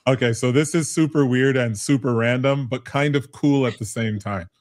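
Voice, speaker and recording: Middle-aged man from Canada, business advisor guest, mid-pitched voice, animated and self-mocking, chatty interview delivery. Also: normal speed, no room sound, clean studio sound. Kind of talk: conversational interview.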